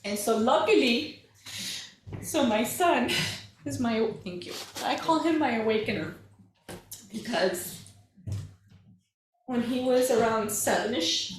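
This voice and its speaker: A woman's voice: a little high, slow, pauses often, far from the mic, slight background noise. A woman in her forties, a parenting coach, giving a candid, conversational talk to a live audience, emotional at moments. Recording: echoey room, mic from afar.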